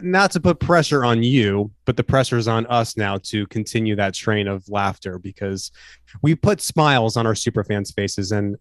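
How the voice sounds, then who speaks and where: A man banters his way through a comedy podcast intro, playful and self-mocking, tripping over restarts. His voice sits at a middle pitch. The sound is dry and close. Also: no room sound. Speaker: podcast co-host.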